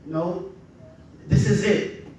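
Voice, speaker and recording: A man's voice: high voice, fairly even intonation, slow pace, darkish tone, heavy reverb, distant mic, a little hiss or hum, rough recording. A man from the Bahamas, preaching a sermon in a conversational way and often asking "right?".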